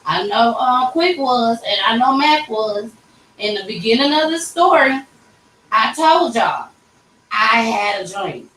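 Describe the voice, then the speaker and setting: A woman's voice: a little high, expressive, measured pace, fairly bright tone. Woman host in her 30s, candid storyteller, off-mic in a roomy shop with faint background hum. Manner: candid and conversational, addressing viewers as y'all. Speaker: livestream host telling a personal story. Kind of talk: casual emotional storytelling. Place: tattoo shop. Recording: echoey room, mic at a distance.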